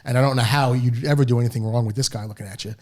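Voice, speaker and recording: A middle-aged man talks as a podcast guest, racing through anecdotes at a brisk clip. His pitch sits in an ordinary middle range. He drifts between asides and acts out what his old coaches said. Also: fairly even intonation, a little mellow. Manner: rambling anecdotes, acts out quoted dialogue. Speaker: interview guest, football coach. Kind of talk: storytelling in a podcast interview.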